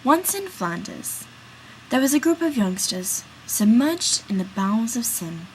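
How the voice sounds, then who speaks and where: A woman's voice: a little high, sing-song, slight background noise, rough recording. A woman narrating a classic tale in a read-aloud story summary. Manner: slow, storytelling.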